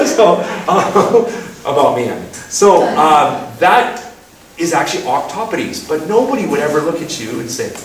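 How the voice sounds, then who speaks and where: Before an audience in a lecture room, a man delivers a lighthearted guest talk full of self-mockery and small acted-out exchanges. He speaks at normal speed in a fairly high voice with big pitch swings, captured by a distant mic in a very echoey room with faint hiss.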